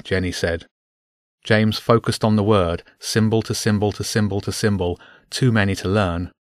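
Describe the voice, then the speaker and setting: A man narrating a children's adventure story aloud with an expressive reading. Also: fairly low pitch, normal speed, no echo, clean studio sound.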